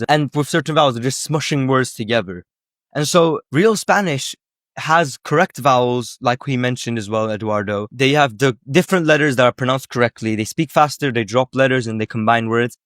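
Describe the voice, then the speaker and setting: A man's voice: medium pitch, moderate pace, fairly bright tone, no room sound, studio quality. A man coaching viewers on learning Spanish, talking to camera in an emphatic, persuasive way, full of rhetorical questions and casual fillers. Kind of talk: casual direct-to-camera teaching.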